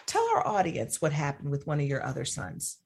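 A husky woman with a low voice hosts a talk show. Her pitch moves a lot, and she asks her questions in a measured, encouraging way. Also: expressive. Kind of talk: interview talk.

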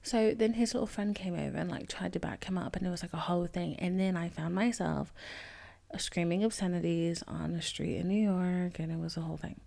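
A woman's voice: on the low side, fairly even intonation, a little fast, vocal fry, warm tone. A young woman hosting a casual solo podcast, telling a candid, rambling story with lots of fillers and swearing. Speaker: podcast host.

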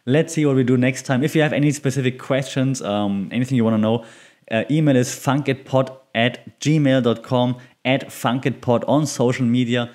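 A man's voice: mid-range voice, steady tone, moderate pace, darkish tone. German man chatting on his podcast. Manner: chatty, self-mocking, laughs often. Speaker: podcast host. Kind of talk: solo podcast monologue.

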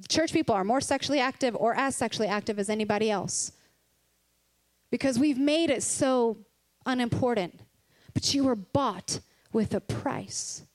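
A woman's voice: fairly high pitch, moderate pace, darkish tone. A woman giving a candid, conversational Christian sermon, earnest and personal, with laughs between her points. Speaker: Christian speaker.

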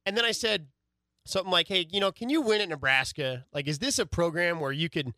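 Animated, bright-voiced man telling radio stories. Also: sits high, fairly quick, no room sound, studio quality. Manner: animated storyteller, swears casually. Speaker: former sports radio host. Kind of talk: casual podcast storytelling. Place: podcast studio.

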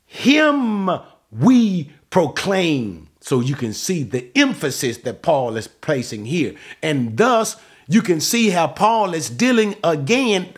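A man teaching a Bible passage in an expository sermon, emphatic, asking rhetorical questions and answering them. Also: mid-range voice. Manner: emphatic, rhetorical questions, rising to stress key words.

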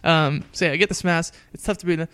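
A man's voice: a little high, steady tone, quick pace, a bit bright, clear, resonant tone. A young man casually telling a rambling travel story to a friend, with many fillers and frequent laughter. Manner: rambling, laughs often, fillers like "anyways" and "right?".

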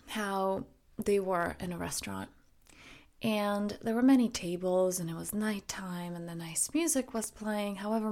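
Soft-spoken woman podcast host, gravelly edge. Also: mid-range voice. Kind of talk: reflective solo podcast talk.

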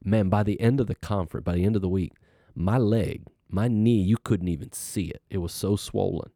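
A middle-aged man casually telling a personal story, animated and acting out what people said. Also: lowish voice, a little fast, no echo, clean studio sound. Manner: animated, acts out quoted voices, laughs while telling.

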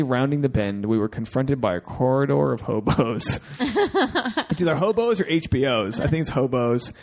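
Reading a listener's email on a podcast he co-hosts, a man cracks crude jokes and asides and ends up getting teary. His mid-range voice is gravelly with a darkish tone.

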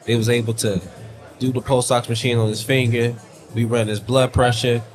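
A man's voice: mid-range voice, little pitch movement, normal speed, a faint crowd. A man who owns a tattoo studio, speaking on a panel in an earnest, matter-of-fact way. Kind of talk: panel discussion. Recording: music behind.

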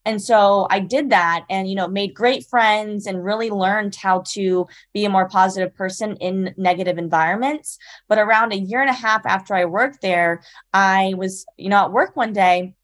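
A woman's voice: medium pitch, moderate pace. A young woman in her twenties from South Carolina, earnestly telling a personal story as an interview guest, with lots of "like" and "you know". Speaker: guest, speaker.

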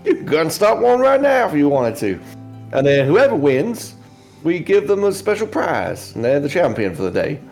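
A man's voice: on the high side, big pitch swings, normal speed, a little mellow, faint music behind. A man voicing Great Mama, a folksy, pious older swamp woman with a drawling, homespun manner.

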